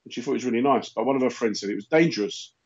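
A man chatting casually, riffing on absurd comic rants with a deadpan delivery. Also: mid-range voice, racing, breathy edge. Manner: deadpan rambling jokes, repeats lines. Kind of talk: casual comedic chat. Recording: dull lo-fi sound.

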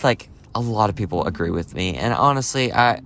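A man's voice: fairly low pitch, lively intonation, brisk, few pauses, fairly bright tone, slight background noise. A man chatting casually as a movie vlogger, rambling with lots of fillers and restarts. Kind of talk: casual chat.

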